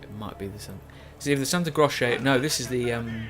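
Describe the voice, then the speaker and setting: A young man talks casually while playing, drifting between thoughts and restarting his sentences. His pitch sits at a middle level, and faint game music runs quietly behind him. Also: fairly quick. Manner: rambling, self-correcting, chatty. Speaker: gaming YouTuber. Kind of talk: casual let's-play commentary.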